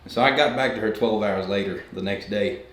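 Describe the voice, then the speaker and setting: A Swedish man in his thirties speaks with a thorough Southern US accent, a native Swedish speaker telling stories in a relaxed drawl. His voice sits low and steady. The room adds a noticeable echo. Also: fairly quick. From northern Sweden. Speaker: country singer, guest. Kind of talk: casual interview chat. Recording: echoey room.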